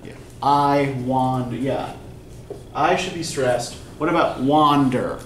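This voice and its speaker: Slow-talking male instructor in an echoey classroom. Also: mid-range voice, a bit bright. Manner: explains step by step, often checks with "right?". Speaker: college English instructor. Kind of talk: classroom lecture. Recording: echoey classroom from far off, faint noise.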